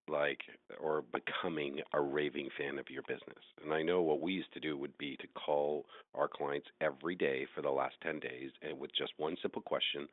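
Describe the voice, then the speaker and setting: Casting: middle-aged male host, very low voice, earnest coaching tone, dry phone line. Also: no echo. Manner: earnest, encouraging, advice-giving. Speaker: host, real estate agent. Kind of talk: podcast interview, coaching agents. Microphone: phone call. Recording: tinny phone-line audio.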